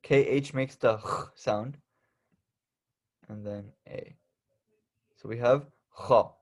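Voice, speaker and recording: A man's voice: medium pitch, takes it slowly. Man patiently teaching letter sounds. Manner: patient, repeats and stresses each letter sound. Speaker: Arabic alphabet teacher. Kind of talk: casual instructional lesson.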